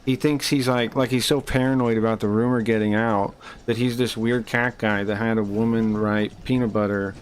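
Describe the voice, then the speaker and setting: A man's voice: on the low side, fairly even intonation, moderate pace, hardly any pauses, smooth. A man streaming live, ranting heatedly and swearing as he rambles and restarts his sentences while playing a game.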